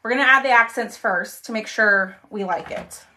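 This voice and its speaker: A woman's voice: fairly high pitch, normal speed, pushed and bright. Chatty woman crafting live. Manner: chatty, talks to viewers while working, trails off when concentrating. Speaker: craft livestream host. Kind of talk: casual craft livestream chat.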